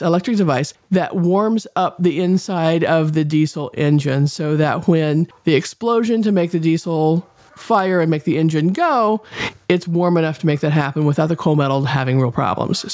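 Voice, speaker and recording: A woman's voice: a little mellow, no room sound. A middle-aged woman talking casually and rambling in a folksy way, hosting her own show. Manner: rambling, folksy, drifts in pitch and pace. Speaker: podcast host and kennel owner. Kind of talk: casual monologue.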